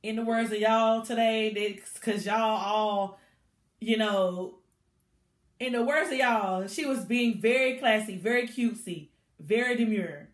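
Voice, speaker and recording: Animated chatty woman recapping a show. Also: fairly high pitch, unhurried, roomy sound. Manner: animated, chatty storytelling with bursts of laughter. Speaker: TV show reviewer. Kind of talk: casual episode recap.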